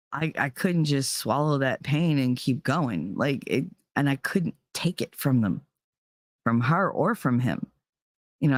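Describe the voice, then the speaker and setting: Middle-aged New Jersey woman, podcast host; candid, animated, profane, dry close mic. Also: low voice, no room sound. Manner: blunt, swears freely, animated. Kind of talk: casual candid talk.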